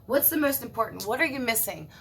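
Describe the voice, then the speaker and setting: A woman voicing Mother Earth as a gentle, motherly female spirit, coaxing listeners she calls her children. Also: a little high, lively intonation, fast, slight background noise. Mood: tender coaxing.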